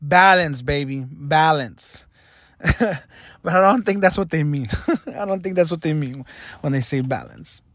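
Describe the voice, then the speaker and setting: A man's voice: on the high side, moderate pace, dry recording, clean studio sound. A young man talking earnestly and self-critically in a confessional vlog monologue. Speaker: vlogger.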